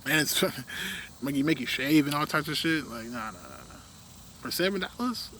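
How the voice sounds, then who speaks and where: A young man in a casual, rambling rant, full of fillers, often trailing off quietly at the ends of his thoughts. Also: fairly high pitch, moderate pace, slight background noise.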